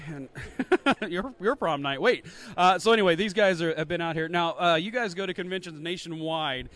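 A man interviewing guests at a convention for a podcast, jokey and energetic. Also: a little high, moderate pace.

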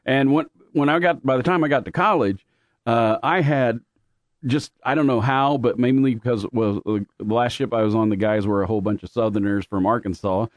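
A man from Louisiana and Oklahoma telling stories in a relaxed, rambling way, laughing often between thoughts. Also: mid-range voice, a little fast, no echo, clean studio sound. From born in Louisiana, raised mostly in Oklahoma. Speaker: guest with radio and theater background. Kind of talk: casual chat.

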